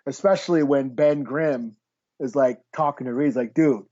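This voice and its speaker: A man co-hosting a casual podcast, laid-back and halting, often repeating words as he starts a sentence. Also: medium pitch, a little mellow, lo-fi sound. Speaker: podcast co-host. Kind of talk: casual comic book review chat.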